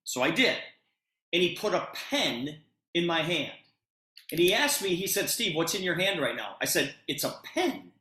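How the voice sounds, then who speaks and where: A middle-aged man retelling a conversation to an audience with lots of expressive emphasis. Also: a little high, normal speed, roomy sound. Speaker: presenter telling a personal story. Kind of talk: animated storytelling to an audience.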